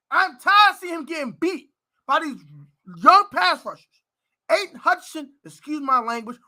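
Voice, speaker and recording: An American man hosting a fan live stream, ranting loudly about his team's players and shouting at times. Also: very high-pitched. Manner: loud, animated ranting, shouting and laughing. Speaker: sports fan show host. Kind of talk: heated live-stream rant.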